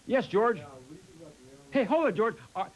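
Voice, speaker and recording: A man hosting a combative talk show, mocking letter writers and shouting his opinions. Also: very high voice, animated, measured pace, muffled recording. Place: TV studio with live audience. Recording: loud cheering studio crowd.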